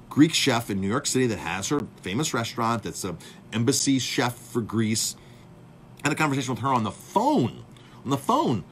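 A chef telling a story to his viewers in a casual, animated way, acting out the dialogue and calling his audience "folks". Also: medium pitch, slight background noise. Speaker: chef and speaker.

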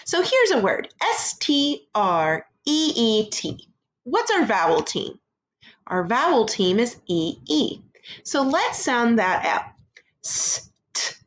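Slow, lively-voiced woman teaching phonics. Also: on the high side. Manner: slow, lively, sing-song teacher voice, sounding words out. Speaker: first grade teacher. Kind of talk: phonics lesson for young children.

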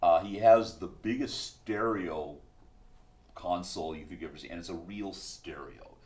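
A man narrating a tabletop game as game master, animated and laughing as he tells the story. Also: sits low, measured pace.

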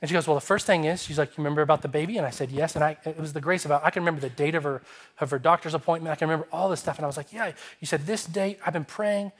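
Guy pastor preaching, kinda high voice, tells stories and does the voices. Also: very fast. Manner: animated, acts out dialogue in his story. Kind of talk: sermon with storytelling. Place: church sanctuary.

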